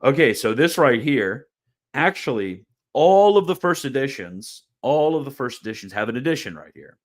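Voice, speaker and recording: A man's voice: medium pitch, big pitch swings, moderate pace. A man hosting a casual explanatory video lecture, chatty and informal, often repeating words and restarting phrases, with a wry, mildly sarcastic edge. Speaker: host of a theology video channel.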